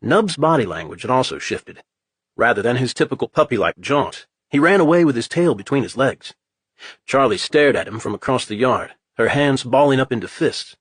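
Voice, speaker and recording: A man reading a horror audiobook in a measured, dramatic way. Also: mid-range voice, expressive, husky, no room sound. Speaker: audiobook narrator. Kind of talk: scripted horror narration.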